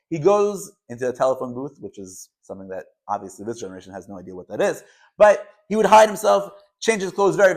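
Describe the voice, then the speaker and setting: A man teaching a Torah lesson to camera, talking with passion and swinging between loud emphasis and quiet asides, with Hebrew and Yiddish words mixed into his English. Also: on the high side.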